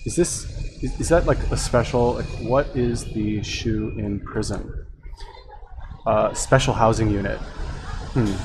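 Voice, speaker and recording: Low-voiced rambling reaction commentator. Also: male voice, unhurried, pauses often, background noise. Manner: rambling, hesitant, lots of fillers and restarts. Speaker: video commentator.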